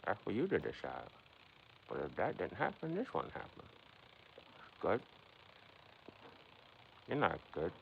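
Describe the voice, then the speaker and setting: A man with a gravelly, somewhat low voice runs a casual livestream, musing out loud and talking straight at his chat. The sound is dull and lo-fi, with a faint noise underneath. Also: wildly swooping pitch, unhurried, long pauses. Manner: rambling, philosophizing, addressing chat directly. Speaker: livestream host.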